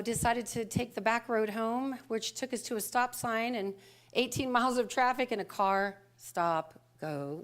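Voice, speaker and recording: An older woman minister giving a conversational, self-deprecating sermon, full of fillers and small laughs. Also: a little high. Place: church sanctuary.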